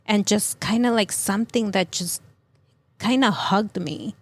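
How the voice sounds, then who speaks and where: A middle-aged woman telling of a personal loss as a podcast guest, in a halting, emotional way full of fillers and restarts. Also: medium pitch, no echo. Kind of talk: personal testimony in an interview.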